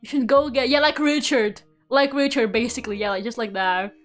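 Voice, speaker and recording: A woman's voice: a little high, a little fast, soft background music. A young woman from Russia, a streamer, reading a book aloud and chatting with her viewers, incredulous, swearing casually and laughing often. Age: young adult. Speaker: VTuber streamer.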